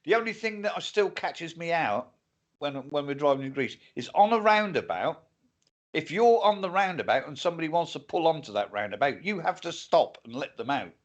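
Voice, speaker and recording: A man's voice: on the high side, sing-song, moderate pace, highs cut off. An older man co-hosting a casual livestream chat, rambling and plainspoken, with frequent swearing. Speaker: co-host.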